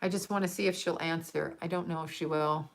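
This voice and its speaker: A woman's voice: low voice, fairly even intonation, fairly quick. A woman hosting a casual livestream, chatting and rambling with frequent laughs. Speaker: livestream host.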